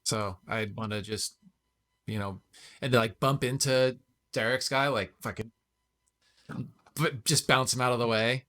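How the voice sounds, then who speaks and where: A young man talks through his turn in a tabletop game, swearing freely as he plays. His voice is bright and sharp-edged. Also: mid-range voice, fairly even intonation, unhurried, long pauses. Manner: casual, profane banter. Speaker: player. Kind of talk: casual tabletop play.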